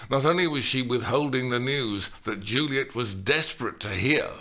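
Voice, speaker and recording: A man reading a comic novel aloud as an audiobook, with wry, expressive delivery. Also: mid-range voice. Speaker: audiobook narrator. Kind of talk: audiobook narration.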